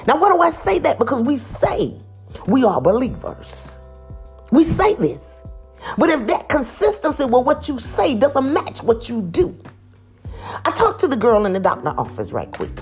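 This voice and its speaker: A woman giving a preachy motivational talk, emphatic and full of rhetorical questions, swinging from loud high exclamations to low quiet asides. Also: huge pitch swings, moderate pace, breathy edge, soft background music. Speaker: motivational speaker.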